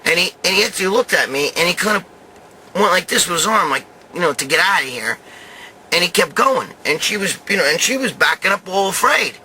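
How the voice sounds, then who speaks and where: A middle-aged man spins a rambling, profanity-laced story with street-tough swagger. His voice sits a bit high for a man and sounds very bright and sharp. A faint hiss of room noise runs underneath. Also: lively intonation, brisk. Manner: rambling, swears constantly, street-tough bravado. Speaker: show host telling a story.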